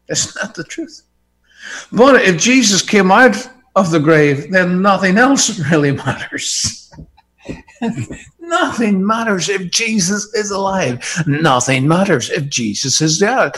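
An Irish preacher with a fairly high voice, delivering a sermon in an unhurried, deliberate way. He is impassioned and emphatic, dropping to quiet asides and then climbing into soaring outbursts. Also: big pitch swings. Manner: impassioned, emphatic, with wide swings of pitch.

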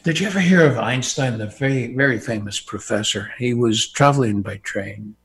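An Irish man preaching a sermon, impassioned and emphatic, swinging from quiet asides to soaring outbursts. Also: mid-range voice, normal speed.

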